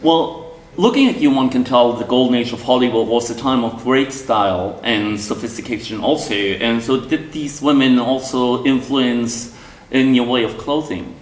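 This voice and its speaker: Moderator: a man with a mid-pitched voice, hesitant and reading from notes, heard off-mic in a roomy hall. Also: moderate pace, recorded from a distance. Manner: reads from notes, hesitant fillers. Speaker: event moderator. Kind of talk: moderating a book premiere.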